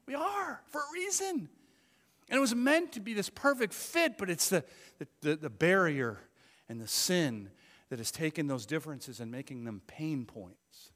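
Male pastor preaching, lively delivery and bright voice, in an echoing church hall. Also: on the high side, moderate pace. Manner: conversational, earnest, animated. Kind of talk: sermon.

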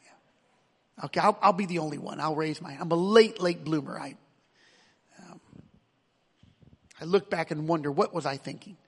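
A man's voice: fairly high pitch, normal speed, pauses often, a bit bright, husky, in a large hall. A man preaching a sermon as pastor, emphatic, with frequent repeated words and restarts.

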